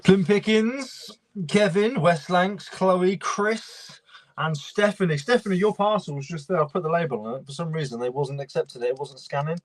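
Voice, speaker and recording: A man's voice: fairly high pitch, moderate pace, dry recording. A young man, casually chatting and greeting viewers by name while he works on a livestream. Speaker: reseller livestream host.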